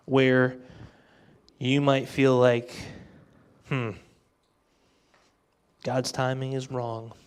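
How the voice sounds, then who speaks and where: A man in his twenties preaching an energetic youth sermon. He talks in an animated, joking way and acts out the thoughts he quotes. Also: fairly high pitch, smooth. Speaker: youth pastor.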